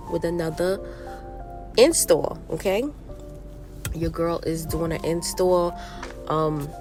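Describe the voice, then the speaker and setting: Young woman vlogger, fairly low voice, stuffy nose from a cold, chatty and upbeat, talks at home. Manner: chatty and upbeat, slangy, addresses viewers as y'all. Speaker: beauty vlogger. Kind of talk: casual vlog chat. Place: room at home.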